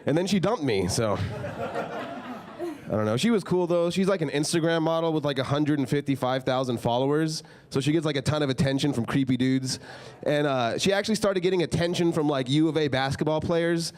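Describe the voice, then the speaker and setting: A young man tells stand-up stories on a club stage. His voice sits a little high, and he talks loosely with plenty of filler words. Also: fairly quick, a little mellow. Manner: casual, filler-heavy storytelling with frequent "like". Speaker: stand-up comedian. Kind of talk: stand-up comedy set.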